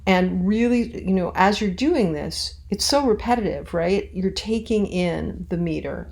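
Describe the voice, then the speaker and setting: A woman's voice: on the low side, vocal fry. A woman teaching her acting students in an informal, chatty recorded lesson, tapping out rhythms aloud as she explains. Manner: relaxed, chatty, with frequent restarts and rhythmic demonstration.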